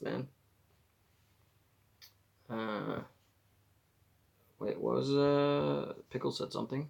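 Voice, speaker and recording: A man's voice: mid-range voice, steady tone, slow, gravelly, long pauses, mellow, muffled recording. A man, chatting casually on a live stream and giving rambling advice as he corrects himself. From Israel. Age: 40s.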